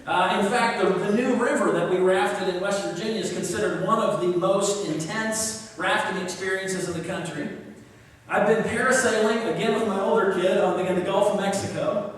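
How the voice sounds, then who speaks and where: A man preaching a sermon as a pastor, telling stories in a lively way. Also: sits high, moderate pace. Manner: lively storyteller, acting out the dialogue. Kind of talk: sermon with a joke. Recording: echoey church hall from far off.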